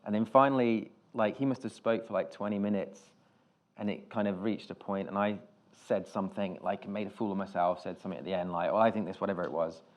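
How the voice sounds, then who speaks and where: A man's voice: fairly low pitch, fairly even intonation, brisk. A British man, a film director, telling anecdotes on stage in a rambling way, with restarts and casual swearing. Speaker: film director, interview guest. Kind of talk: live on-stage conversation.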